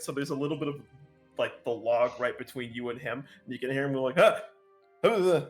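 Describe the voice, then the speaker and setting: A man's voice: mid-range voice, a bit bright. A man running a tabletop game as dungeon master, narrating the scene and often breaking into laughs. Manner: laughing often, stalls with "hold on".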